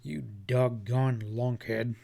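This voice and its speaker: A man reading a thick-set frontier guide who talks in a gruff, plain drawl. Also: mid-range voice, fairly even intonation, slow pace, mellow. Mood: self-scolding.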